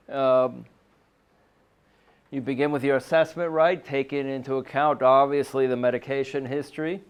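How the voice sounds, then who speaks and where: A man's voice: mid-range voice, clear, resonant tone. A man presenting a medical talk to a panel of clinicians, speaking conversationally and often checking in with his listeners. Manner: conversational, frequent "um" and "right?" tag questions. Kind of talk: conference lecture. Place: meeting room.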